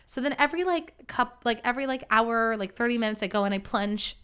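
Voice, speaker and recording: A young woman hosts her own podcast, telling a story in a casual monologue that's chatty, self-deprecating and full of free swearing. Her slightly high voice is expressive, fast and nearly pause-free, with a bit of brightness and a clean tone.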